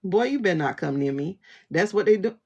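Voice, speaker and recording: A woman's voice: lowish voice, expressive, a little fast, darkish tone, slightly rough, highs cut off. A woman livestream host, talking in a blunt, sassy rant and laughing often. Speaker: tarot reader and livestream host. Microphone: phone livestream.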